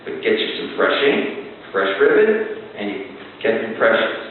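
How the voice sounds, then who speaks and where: A man telling a folksy story to a live audience, with an animated delivery and shouted recitations. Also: on the low side, normal speed. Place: large hall with live audience. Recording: distant echoey hall, phone-like sound, faint hiss.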